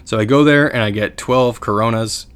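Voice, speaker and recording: A man's voice: medium pitch, moderate pace, fairly bright tone, smooth. A young Canadian man co-hosting a podcast, telling a long story in a rambling, self-deprecating way with many restarts. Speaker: podcast co-host. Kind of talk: casual storytelling.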